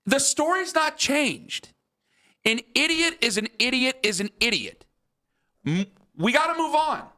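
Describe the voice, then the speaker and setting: A man's voice: very high-pitched, sing-song, unhurried, pushed and bright. A male sports radio host ranting heatedly, often repeating himself.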